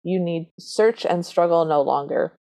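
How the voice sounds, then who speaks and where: Her voice is lowish, gravelly and warm, and she speaks a little slowly. As a podcast co-host, she walks through a movie's plot from her notes in casual conversation, adding wry, deadpan comments along the way.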